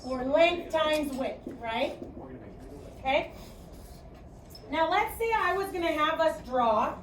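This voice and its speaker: A woman's voice: high-pitched, lively intonation, slow pace, slight background noise. A woman with a Chicago accent teaching a math class, projecting her voice and often checking in with "okay?". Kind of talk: classroom lecture. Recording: echoey classroom, distant mic.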